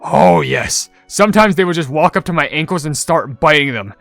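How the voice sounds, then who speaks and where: A young man casually commenting on his gameplay and reading viewer comments, chatty and rambling, getting loudly excited over loot. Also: on the high side, normal speed, creaky, dry recording, soft background music. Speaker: gaming channel host.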